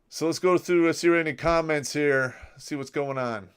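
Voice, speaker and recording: A man's voice: on the high side, moderate pace, creaky, few pauses, pushed and bright, clear, resonant tone. A middle-aged man hosting a livestream, telling crude, joking army stories in a casual way and reading out viewer comments, his voice often trailing off at the end of a phrase. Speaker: livestream host.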